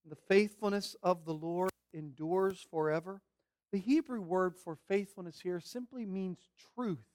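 High-voiced preacher delivering a sermon. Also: male voice, measured pace, no echo, studio quality. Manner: swings from quiet pleading to loud emphatic preaching.

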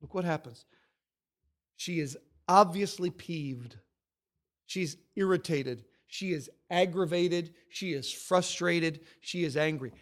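A man preaching a sermon, emphatic and animated, stacking up repeated phrases as he tells the story. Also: fairly high pitch, slow. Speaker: pastor.

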